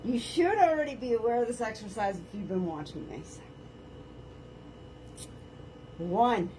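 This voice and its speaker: A fitness instructor's slightly high, mellow voice unhurriedly guides a live home workout, with a little hiss or hum in the audio. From her floor mat, captured by a camera on the floor, she chats, teases herself, walks viewers through planks and stretches, and counts reps aloud.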